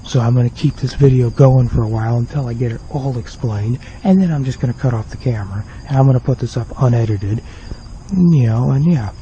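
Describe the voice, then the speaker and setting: A man's voice: medium pitch, fairly quick, dark tone, slight background noise. A young man rambling through an unscripted apology vlog to his viewers, repeating himself and sounding remorseful. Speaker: video creator apologizing to viewers. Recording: dull lo-fi home video with faint crickets.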